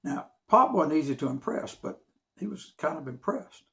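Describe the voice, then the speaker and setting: A man telling a tall tale in a folksy, drawn-out storytelling manner. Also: a little high, sing-song, gravelly, bright, forceful tone.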